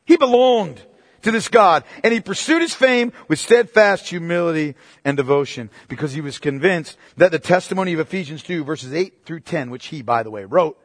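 High-pitched, emphatic preacher man. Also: expressive, dry recording, clean studio sound. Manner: emphatic, rising to forceful preaching, then dropping low and slow; addresses listeners as "beloved", asks pointed questions. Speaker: pastor. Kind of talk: sermon.

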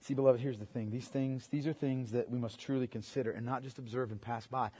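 A man preaching a sermon as pastor, rising to loud emphatic peaks and dropping to quiet asides, repeating phrases for emphasis. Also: steady tone, a little fast, husky. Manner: swings from quiet, low asides to loud, high emphatic climaxes.

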